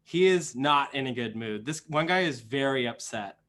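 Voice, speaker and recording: A man's voice: mid-range voice, lively intonation, moderate pace, fairly bright tone. A man narrating as game master of a tabletop game, rambling with many fillers and restarts.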